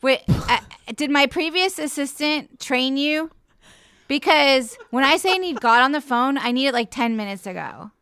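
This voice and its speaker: A woman's voice: high voice, animated, moderate pace, fairly bright tone, dry recording, clean studio sound. A woman playing a demanding, impatient Jesus as a bossy office boss in an improvised comedy sketch. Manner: snappy, impatient, entitled. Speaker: guest actress.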